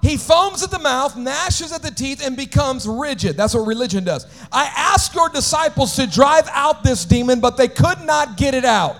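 A man preaching a sermon as pastor, swinging between shouted, sing-song climaxes and quiet, conversational asides. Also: very high voice, lively intonation, normal speed, few pauses.

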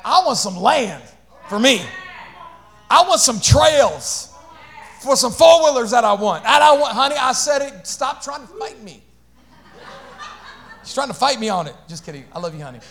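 A man preaching a sermon as pastor, swinging between shouted exhortation and quiet asides, calling out to his congregation. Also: very high-pitched, moderate pace, gravelly. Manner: animated preaching, shifts between shouting and hushed asides, call-outs to congregation.

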